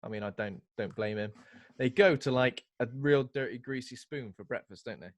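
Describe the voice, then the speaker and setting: Animated man telling stories. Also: mid-range voice, normal speed, dry recording. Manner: lively storyteller, acts out quotes. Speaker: podcast co-host. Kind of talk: casual film chat.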